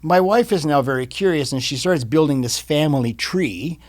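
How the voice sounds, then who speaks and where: A man in his fifties, a podcast guest, telling a personal story in casual interview talk, animated and repeating words as he goes. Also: a little high, normal speed. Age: 50s.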